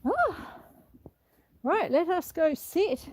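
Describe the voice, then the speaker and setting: Woman, high voice, slightly winded, phone live-stream host, chatty. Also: big pitch swings, very slow, slight background noise, low-quality recording. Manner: chatty, reads out viewer comments. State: a bit out of breath. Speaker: homestead livestream host. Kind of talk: casual live-stream chat. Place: outdoors on a rural property. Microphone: phone held for live stream.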